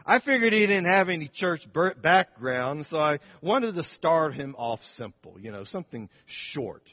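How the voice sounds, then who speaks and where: A man's voice: a little high, very animated, moderate pace, long reverb tail, muffled recording. A man voicing an older Christian grandmother, firm and kindly, speaking in an earnest, emphatic way. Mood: homely.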